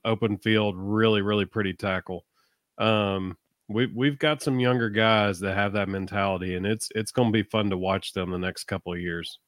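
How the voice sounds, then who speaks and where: A man co-hosting a sports podcast in casual chat, enthusiastic and quick to agree. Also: fairly low pitch, a bit bright, no room sound, clean studio sound. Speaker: podcast co-host.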